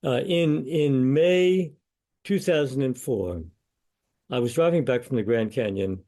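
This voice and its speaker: An older man, a law professor, answering interview questions in a measured, storytelling way. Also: medium pitch, warm tone.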